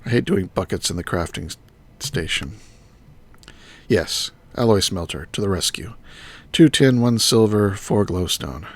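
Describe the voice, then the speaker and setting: A man's voice: lowish voice, lively intonation, unhurried. A man streaming a game live, thinking aloud and muttering item names as he works. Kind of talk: live gameplay commentary.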